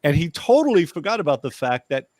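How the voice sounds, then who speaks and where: A man hosting a casual chat, telling stories with slow, drawn-out emphasis. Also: fairly high pitch, very animated, darkish tone, no room sound.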